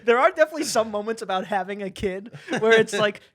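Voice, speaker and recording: A young man co-hosts a casual podcast, telling stories animatedly with frequent laughter and acted-out voices. His voice is high and he talks fast.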